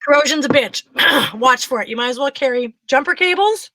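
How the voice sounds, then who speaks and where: A woman co-hosting a talk show, telling a funny story in a casual, animated way and acting out what others said. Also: sits high, a little fast, no room sound. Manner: animated, frequent laughter, acts out quotes. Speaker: podcast co-host.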